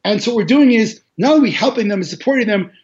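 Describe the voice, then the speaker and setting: Interview guest: high-pitched man, animated storyteller with stumbling restarts, on dull lo-fi audio. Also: fast. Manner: animated, repetitive restarts, laughs while telling. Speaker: interview guest, charity organizer.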